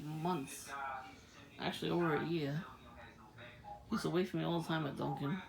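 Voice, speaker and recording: Woman, low gravelly voice, casual vlog monologue, laughs a lot, crowd noise behind. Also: rough recording. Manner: laughs often, loose rambling storytelling. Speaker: vlogger. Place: outdoors at night.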